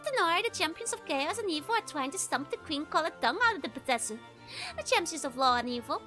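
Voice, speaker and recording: A woman's voice: high voice, lively intonation, quick pace, sharp tone, soft background music. A woman voicing a bitter, grizzled man who lectures on an endless war, in a put-on Scottish brogue. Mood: cynical. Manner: cynical, blunt.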